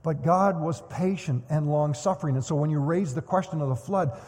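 A man's voice: fairly high pitch, brisk, in a large hall. A man preaching a sermon, acting out the voices of the people he quotes. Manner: animated, acts out quoted voices. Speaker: pastor.

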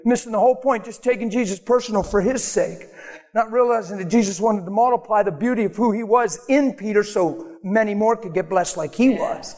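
An animated male pastor preaching a sermon with a high voice, acting out the people he quotes. The sound carries a long reverb as in a hall. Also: fairly quick.

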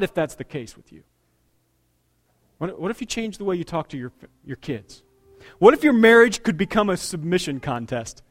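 A middle-aged man preaching a sermon in a church, emphatic, swinging between loud declarations and quiet asides. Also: sits high. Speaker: pastor. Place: church sanctuary.

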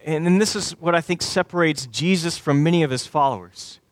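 A man's voice: a little high, no echo. A man preaching a sermon as a pastor, talking conversationally and acting out quoted voices.

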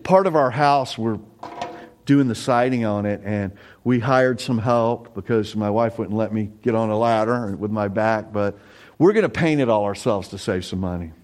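Earnest, conversational middle-aged preacher. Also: male voice, on the low side, normal speed, darkish tone. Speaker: pastor. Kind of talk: sermon.

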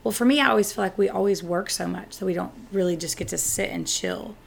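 A woman co-hosting a casual chat, hoarse and raspy after a throat infection, talking in a laid-back way that trails off. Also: mid-range voice, expressive, fast, slight background noise. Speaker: podcast co-host.

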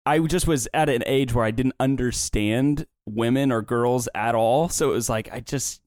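A man's voice: normal speed, a little mellow, dry recording, studio quality. A young man chatting with his family on a podcast, opinionated and getting worked up. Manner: opinionated, ranting, rising pitch when worked up. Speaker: son, podcast co-host. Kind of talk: casual family chat.

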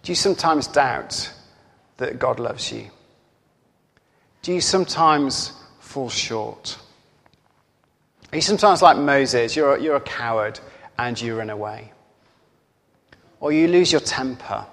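Man, preacher, earnest sermon storytelling, slow delivery, reverberant church hall. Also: medium pitch, expressive, vocal fry, a bit bright. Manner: storytelling, slow and earnest, drops to near-whispers.

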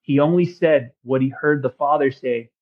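A man guest on a podcast, telling a personal faith story in an earnest, excitable way with casual slang. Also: medium pitch, normal speed, dull audio. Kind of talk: casual testimony chat.

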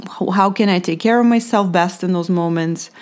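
A woman's voice: lowish voice, moderate pace, darkish tone. A mother hosting her own podcast, talking earnestly and encouragingly straight to the listener in a reflective solo talk.

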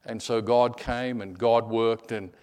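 A middle-aged preacher in an ordinary middle pitch and clean tone unfolds a sermon from personal stories at an unhurried pace. He alternates between lively storytelling and hushed, near-whispered moments, frequently repeating words.

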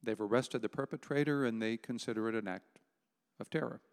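Man, pastor, emphatic sermon delivery, dramatic pauses, long hall reverb, mid pitch. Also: clear, resonant tone.

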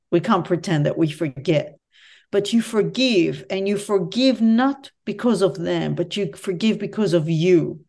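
Earnest woman with a lowish voice. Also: a little mellow. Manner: earnest, reflective, speaks candidly about personal pain. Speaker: guest, professor and author. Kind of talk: conversational interview storytelling.

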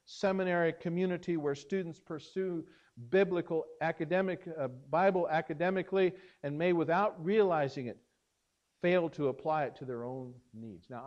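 A man preaching a sermon as pastor, earnest and emphatic, pausing and restarting as he speaks. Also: on the high side, darkish tone, muffled recording.

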